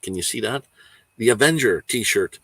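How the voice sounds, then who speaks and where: A man's voice: fairly low pitch, expressive, normal speed, fairly bright tone, breathy edge, dry recording. A man hosting a casual livestream, rambling easygoing chat while showing photos, chuckling now and then. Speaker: livestream host.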